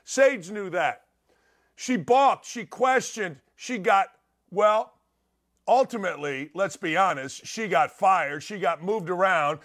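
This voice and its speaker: A man's voice: high voice, a bit bright. A middle-aged man hosting a talk show, giving opinionated commentary in punchy, repetitive short sentences.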